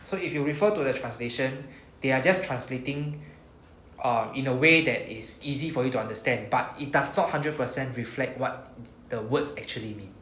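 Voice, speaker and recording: A man with a Singaporean English accent leads a class, patient and methodical, modelling phrases for students to repeat. His mid-pitched voice carries a roomy echo, with faint noise in the background. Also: moderate pace, a bit bright. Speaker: Japanese teacher. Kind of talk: classroom teaching. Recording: echoey room with faint noise.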